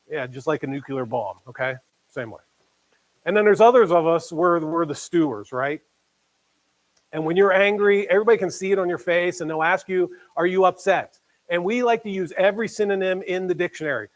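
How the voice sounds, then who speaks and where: Male pastor, fairly high voice, chatty sermon delivery with dramatized quotes and hushed emphasis. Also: fairly quick, rough recording. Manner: conversational preaching, acts out quoted voices, drops to quiet emphasis.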